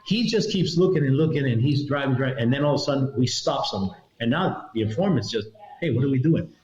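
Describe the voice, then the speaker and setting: A man's voice: medium pitch, quick pace. Middle-aged man telling a story, roomy sound. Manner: animated storyteller who acts out the voices of others in his story. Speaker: guest, retired federal agent. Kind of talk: recounting a story in a podcast interview. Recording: roomy, slightly dull sound.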